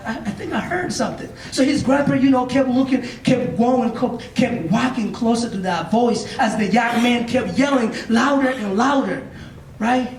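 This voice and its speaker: A man with an unusually high voice gives a motivational talk to young listeners, telling a story with heavy repetition and frequent questions to the crowd. The sound is echoey and distant, with a faint hum in the background. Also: moderate pace. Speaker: motivational speaker. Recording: echoey room, mic far off.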